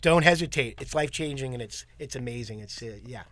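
A man from Long Island, a comedian guest, telling lively anecdotes and acting out the people in them in a casual interview. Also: medium pitch, fast, background noise. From Long Island, New York. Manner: animated anecdotes with acted-out quotes.

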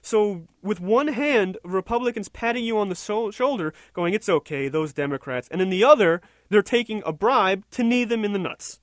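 A man's voice: sits high, normal speed, few pauses, no room sound, clean studio sound. A man delivering an indignant, sarcastic opinion rant, rambling and restarting his sentences as he goes. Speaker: political commentator.

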